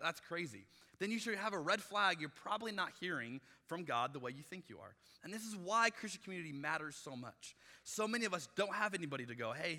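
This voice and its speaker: A man preaching a sermon as pastor, in a conversational, animated way, acting out quotes from people he talks about. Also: on the high side. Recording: reverberant church hall.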